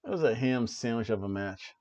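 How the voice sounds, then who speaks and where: A man's voice: mid-range voice, lively intonation, a little fast, darkish tone, no echo. A man hosting a wrestling review podcast, recapping the show in casual chat and laughing often as he goes. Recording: dull lo-fi dry recording.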